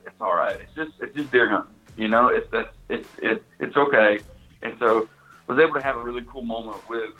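A man's voice: on the low side, pushed and bright. A man, casually telling a hunting story, full of restarts and "you know"s. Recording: tinny phone-like line.

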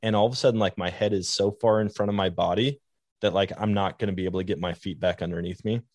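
A man with a low voice hosts a podcast, telling his stories in a casual, meandering way. He leans on "like" as a filler. The sound is dry and close. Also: steady tone, fast, darkish tone, dry recording. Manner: rambling anecdotes with many "like" fillers. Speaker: podcast host. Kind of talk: casual storytelling chat.

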